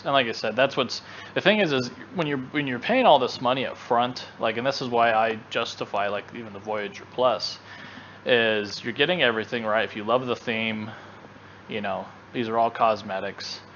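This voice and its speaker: A man's voice: mid-range voice, moderate pace, fairly bright tone, lo-fi sound, slight background noise. A man co-hosting a gaming channel in casual chat, rambling with lots of fillers and restarts.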